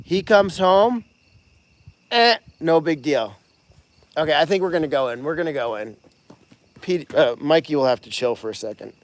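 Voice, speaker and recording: An excitable, chatty man hosts a casual livestream from an animal sanctuary barn. His voice sits a bit high for a man, and he thanks donors by name as he talks. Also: moderate pace, pauses often. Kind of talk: casual live-stream chat.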